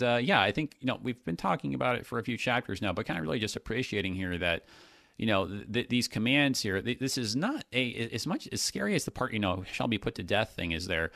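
A man's voice: lowish voice, creaky, fairly bright tone, dry recording, clean studio sound. A man hosting a radio talk show as a pastor, thinking aloud in casual talk with many restarts and fillers.

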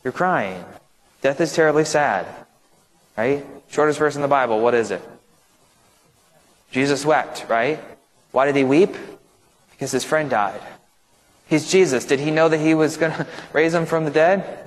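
A man's voice: on the high side, moderate pace, long pauses. A male pastor leading an informal Bible study, talking conversationally and often checking in with his listeners. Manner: conversational, keeps checking in with "right?". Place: church, large echoey room. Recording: echoey hall reverb.

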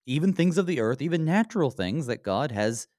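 A man leading a conversational Bible study, animated and acting out quoted lines in a lifted voice. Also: fairly high pitch, fairly quick, no room sound, studio quality. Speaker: pastor.

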